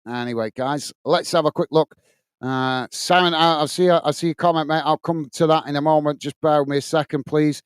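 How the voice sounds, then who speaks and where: A man's voice: on the high side, fairly even intonation, fairly quick, smooth, dry recording. A man hosting a live football watch-along from home, chatting earnestly with viewers and calling the play with many fillers and restarts. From England. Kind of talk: live match commentary and chat. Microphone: headset earpiece.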